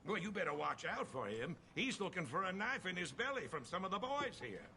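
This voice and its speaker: An actor playing a blunt frontier saloon barman who gives a gruff warning, heard as game audio. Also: high-pitched, big pitch swings, brisk, full character voice. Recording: game audio under loud noise.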